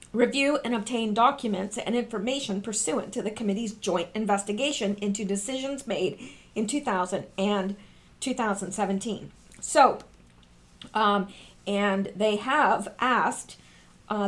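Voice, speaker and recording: A woman hosting a casual commentary, explaining online posts and reading statements aloud with emphatic repetition. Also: on the high side. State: coughing, throat clearing. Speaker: political commentary host.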